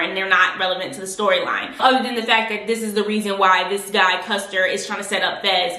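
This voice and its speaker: Woman vlogger gushing over a show, slangy and animated, kinda high-pitched. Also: reverberant. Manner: animated, slangy, acts out characters' lines. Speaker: TV review vlogger. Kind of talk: casual recap commentary.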